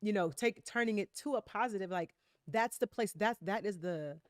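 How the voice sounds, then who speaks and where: A woman's voice: mid-range voice, moderate pace, no echo, clean studio sound. A woman in a candid conversational interview, speaking reflectively with many fillers and tag questions.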